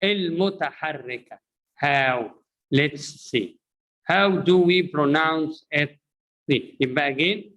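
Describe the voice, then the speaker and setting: A man's voice: fairly high pitch, fairly bright tone, lo-fi sound. A man with an Egyptian accent whose first language is Arabic, teaching an English pronunciation lesson and repeatedly quizzing his viewers.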